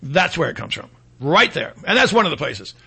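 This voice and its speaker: A man's voice: on the high side, big pitch swings, brisk, vocal fry, bright, forceful tone, husky. A male talk radio host delivering a sarcastic, rambling opinion monologue full of fillers.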